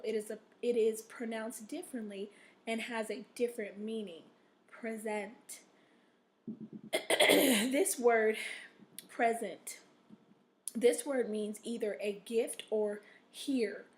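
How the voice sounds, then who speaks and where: A woman teacher with a somewhat high voice records a reading lesson for young pupils. She talks patiently, stops often to check in with them, and reads passages aloud with expression to model it. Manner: patient, repeats "okay?" to check in.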